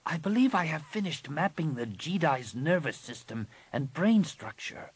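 Audiobook: man doing a deferential alien apprentice woman, higher voice, husky. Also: big pitch swings, moderate pace, full character voice. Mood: cautious. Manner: careful and deferential. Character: earnest, cautious young alien woman apprentice. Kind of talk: audiobook reading.

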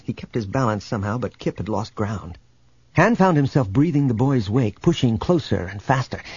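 Male narrator, measured storytelling, dry close sound, muffled lo-fi recording. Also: medium pitch, breathy edge, no room sound. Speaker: audiobook narrator. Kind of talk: scripted narration. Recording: dull, slightly lo-fi.

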